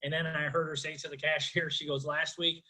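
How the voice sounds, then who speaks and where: A middle-aged man with a Chicago accent works through a stand-up set on a video call. His voice sits a touch high and sounds bright and ringing. He rambles in a chatty, self-deprecating way, padding his jokes with fillers. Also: flat delivery, quick pace, poor audio. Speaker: stand-up comedian.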